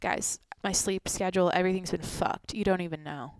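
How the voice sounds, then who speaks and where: Young female solo podcaster, sleepy and rambly, profane, gravelly tone, dry close mic. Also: lowish voice, fairly even intonation, a little fast, no echo. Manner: rambling, profane, swings between loud bursts and near-whispers. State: sleepy, tired. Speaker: podcast host. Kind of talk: solo daily podcast monologue.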